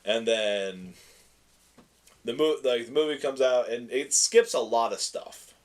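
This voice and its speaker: A man's voice: medium pitch, unhurried. A man with a slight lisp, co-hosting a casual podcast chat, rambling and restarting as he gives his opinions. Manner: rambling, self-correcting, animated opinions. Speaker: podcast co-host.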